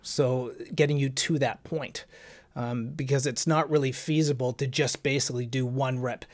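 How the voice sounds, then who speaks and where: A man's voice: medium pitch, steady tone, moderate pace. A man hosting a fitness podcast, explaining training methods step by step in a casual way, with frequent "um" and "right?". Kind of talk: casual instructional talk.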